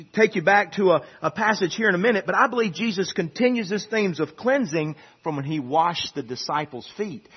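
A man's voice: high-pitched, breathy edge, muffled recording. A man pastor preaching a sermon in a conversational way that rises to emphatic peaks.

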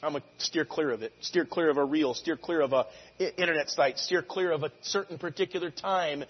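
A man preaching a sermon, moving between conversational asides and loud, drawn-out shouted lines of scripture. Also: fairly high pitch, breathy edge, big-room sound, highs cut off.

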